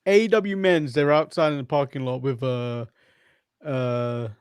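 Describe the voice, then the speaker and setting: A man's voice: medium pitch, steady tone, a little slow, smooth. A man with an English accent co-hosting a podcast, chatting casually with chuckles and hesitant restarts. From England. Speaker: podcast co-host. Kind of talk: casual watch-along chat.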